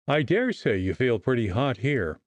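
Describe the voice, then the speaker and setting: A man's voice: medium pitch, sing-song, moderate pace, no room sound, lightly acted. Guy doing a cranky sneery doctor, snaps and scoffs, voice jumps all over the place, dry close sound. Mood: sneering. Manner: scornful, biting, emphatic. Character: irritable sneering male doctor, middle-aged.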